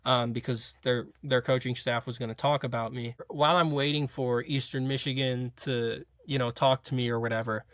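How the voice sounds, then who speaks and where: Barely pausing, the young college football player keeps a steady, mid-range, fairly bright voice at a moderate pace, captured at studio quality without room sound. As an interview guest, his story comes out rambling and casual, thick with fillers and restarts.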